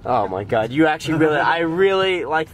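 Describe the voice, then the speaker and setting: Excitable high-voiced young man vlogging outdoors. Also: brisk, a little hiss or hum. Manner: excitable, laughs a lot, exclaims. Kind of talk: casual outdoor vlog. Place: outdoors at an off-road site.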